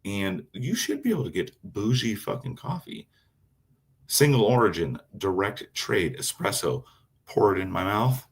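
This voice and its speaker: A knifemaker streams live, rambling about his knives, answering chat and swearing constantly. His lowish voice swings widely in pitch at a measured pace.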